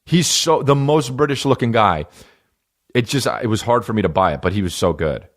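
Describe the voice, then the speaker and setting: A man's voice: medium pitch, expressive, brisk. A man hosting a comedy podcast, talking in a profane, rambling and jokey way. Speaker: podcast host.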